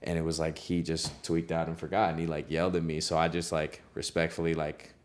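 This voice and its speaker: Very deep-voiced young man telling stories. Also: brisk, slight background noise. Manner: relaxed, heavy use of "like" and "you know", laughs often. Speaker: recording engineer. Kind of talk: casual interview storytelling.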